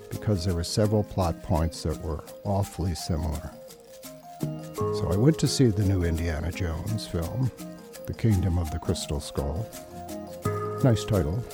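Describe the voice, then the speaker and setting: A man's voice: sits low, expressive, measured pace, over loud music. An older man hosting a podcast as its writer, speaking with dry, wry asides. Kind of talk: spoken podcast commentary.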